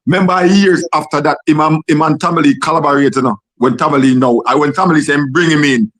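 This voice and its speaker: A man's voice: fairly high pitch, steady tone, fast talker, fairly bright tone. A Jamaican man hosting a casual talk discussion, rambling through a history with many repeated words.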